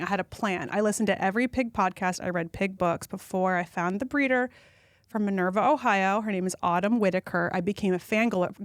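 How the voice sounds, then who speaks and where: A woman, a podcast guest telling funny stories and acting out quotes in a high voice. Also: fairly quick, no room sound, studio quality. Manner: animated storyteller who acts out quotes in a high voice. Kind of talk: casual storytelling chat.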